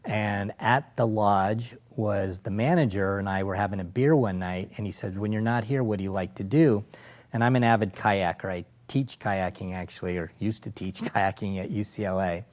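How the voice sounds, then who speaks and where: A middle-aged man with a fairly low voice tells his stories as an interview guest. He is animated, slipping into other people's voices and laughing along the way. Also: normal speed. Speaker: guest, safari operator and former lawyer. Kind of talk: anecdotal storytelling in conversation.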